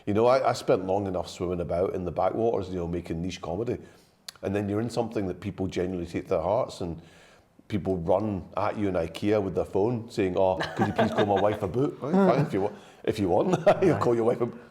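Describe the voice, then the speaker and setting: A man in his fifties with a slightly anglified Glaswegian accent and a low, warm voice. He chats easily as a guest, telling stories and laughing often. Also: fast. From Scotland. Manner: chatty storyteller, laughs often. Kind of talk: casual chat.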